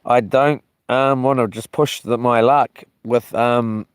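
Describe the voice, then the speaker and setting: Slow-talking man vlogger, smooth dry voice, rambling and a bit rough-mouthed. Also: medium pitch, fairly even intonation, dry recording. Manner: meandering, loses his thread, mild cursing. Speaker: solo camping vlogger reading live chat. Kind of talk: casual rambling live chat.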